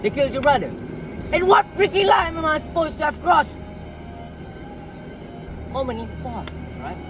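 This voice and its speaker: Performer putting on a brash ranting gangster, pitch swinging wildly, music under. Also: sing-song, measured pace. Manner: blustering, sneering, swears a lot. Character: brash, swaggering male London gangster.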